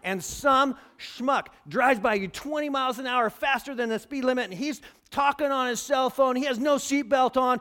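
A pastor preaching a sermon, acting out quotes and building to near shouts. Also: male voice, very high-pitched, normal speed, hardly any pauses. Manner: animated, acts out quotes, rises to near shouting.

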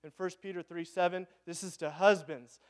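A pastor in his thirties speaks at a moderate pace in a high, steady voice with a Pacific Northwest American accent. He asks the congregation questions during his conversational sermon.

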